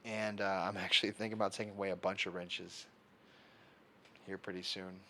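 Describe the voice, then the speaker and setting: Low-voiced man rambling on a livestream. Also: little pitch movement, brisk, bright, forceful tone, a little hiss or hum. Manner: rambling, reads chat aloud while fiddling with setup. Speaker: livestream host. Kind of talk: casual livestream chat.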